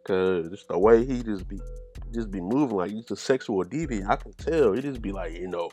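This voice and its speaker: A man's voice: lowish voice, moderate pace, warm tone, breathy edge, soft background music. A man hosting a podcast, talking in a casual, slangy, digressive way and joking as he rambles. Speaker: podcast host.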